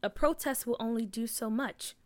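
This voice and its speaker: A woman voicing a calm, sensible female teacher in a storybook read-aloud, measured and cautious. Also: fairly high pitch, no room sound, natural voice.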